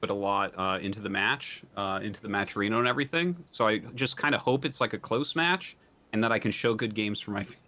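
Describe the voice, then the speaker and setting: A man taking part in a showmatch, chatting in a relaxed, offhand way. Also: lowish voice, fast. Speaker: player in a showmatch. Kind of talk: casual chat.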